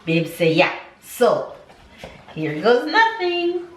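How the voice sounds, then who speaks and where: A young woman chatting away through a home cooking vlog, her voice lively and bouncing up and down in pitch. She giggles easily and hums little tunes as she cooks. The kitchen sounds echoey, with a faint hiss behind her. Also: slow. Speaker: vlogger.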